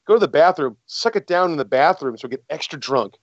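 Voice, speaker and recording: A man's voice: a little high, lively intonation, fast, dry recording, muffled recording. A man telling a rambling, self-deprecating story in casual chat. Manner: rambling, self-deprecating, many fillers and restarts.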